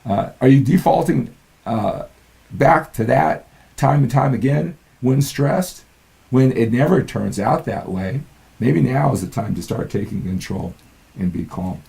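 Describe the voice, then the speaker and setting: Gravelly older man coaching. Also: mid-range voice, animated, a little slow, dark tone. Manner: earnest, peppers lines with "right?". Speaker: fitness and mindset coach. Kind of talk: motivational talk to camera.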